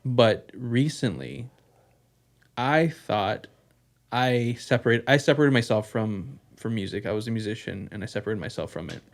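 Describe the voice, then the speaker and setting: Candid swearing young podcast guy. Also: medium pitch. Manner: candid, rambling, swears freely, many fillers. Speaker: podcast co-host. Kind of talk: casual podcast chat.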